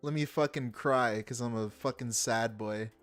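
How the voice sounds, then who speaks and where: A man's voice: medium pitch, moderate pace, soft background music. A man hosting a stream who reacts to a video with sarcastic, incredulous commentary and frequent laughs.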